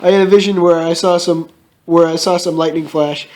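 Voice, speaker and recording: A young man reads a terrible story aloud for laughs, his voice sitting high. He stops to mock the mistakes and swears freely, with a running thread of amusement. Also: steady tone, a little fast, a little mellow. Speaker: comedic reader. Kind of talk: comedic dramatic reading with commentary.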